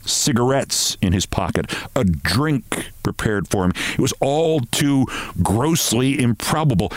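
A man hosting a show, reading a short story aloud in an expressive, measured way. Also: medium pitch, no echo.

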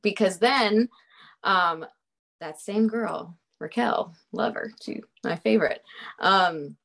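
A woman's voice: medium pitch, takes it slowly, creaky, a bit bright. A young woman telling a story in a casual chat, laughing often and swearing freely, with lots of fillers.

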